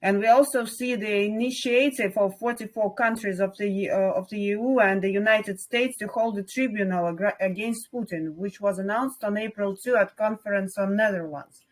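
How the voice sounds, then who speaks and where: A woman's voice: mid-range voice, moderate pace, rough recording. Hesitant woman reading a viewer's question. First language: Russian. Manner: hesitant, many fillers. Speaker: interviewer. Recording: remote live call.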